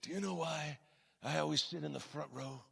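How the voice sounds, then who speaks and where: Man doing a terse, hushed mob-style heavy, gravelly and low, reverb trailing off. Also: a little fast, full character voice. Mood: low menace. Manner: low, quiet, clipped delivery. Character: hulking intimidating middle-aged man, soft-spoken and terse.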